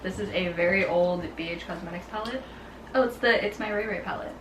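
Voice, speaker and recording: A woman's voice: medium pitch, a little fast. A young woman, a guest friend, chatting casually and chiming in with agreement and short stories. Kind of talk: casual chat. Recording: echoey room with faint hiss.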